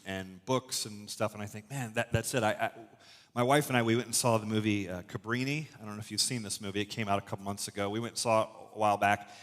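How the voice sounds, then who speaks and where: A middle-aged man preaching a sermon as a pastor, telling stories in a conversational, animated way and often restarting his sentences. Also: fairly low pitch. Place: church auditorium. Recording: long hall reverb from a church room.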